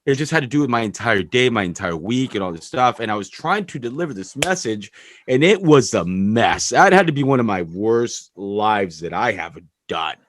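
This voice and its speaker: A man's voice: on the low side, animated, moderate pace, a bit bright, no echo. A man hosting a podcast, talking candidly in a rambling, casual way and swearing freely. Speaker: podcast host.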